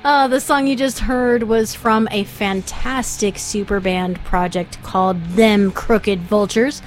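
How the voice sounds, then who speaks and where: A woman's voice: mid-range voice, fairly even intonation, takes it slowly. Playful woman co-hosting a radio show. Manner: playful, giggly, gushing about music. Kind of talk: casual radio banter.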